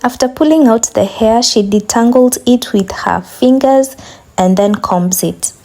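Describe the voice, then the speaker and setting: Hoarse young woman vlogging casually. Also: on the high side, unhurried, warm tone. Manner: chatty, addresses viewers directly. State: hoarse from a sore throat. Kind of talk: casual vlog narration.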